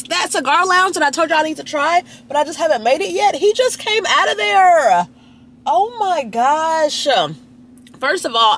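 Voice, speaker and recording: A woman's voice: fairly bright tone, slight background noise. A young woman, chatting casually and gossipily to her phone camera at a restaurant. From Dallas, Texas. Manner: gossipy and chatty, swooping pitch jumps. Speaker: lifestyle vlogger. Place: at a restaurant, people watching.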